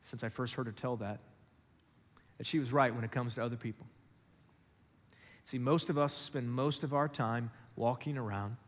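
A man preaching a sermon, telling stories and acting out voices, then dropping low and quiet for key points. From West Africa. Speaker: pastor. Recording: long hall reverb.

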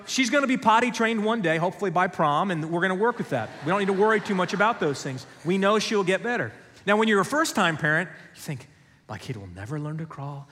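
A man preaching a sermon, moving from hushed storytelling to loud emphasis with a conversational, joking manner. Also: sits high, in a large hall. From United States. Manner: dramatic shifts from hushed to loud, conversational and humorous. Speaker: pastor. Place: church.

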